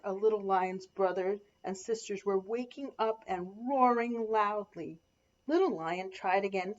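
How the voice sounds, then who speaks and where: A woman librarian reading picture books aloud at storytime, expressive and asking the children questions. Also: medium pitch, a little slow. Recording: lo-fi dull sound.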